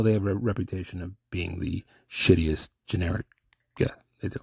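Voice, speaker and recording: Rambling man with a deep gravelly voice. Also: darkish tone, no room sound, studio quality. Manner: rambling, distracted, trailing off. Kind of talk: improvised comic monologue.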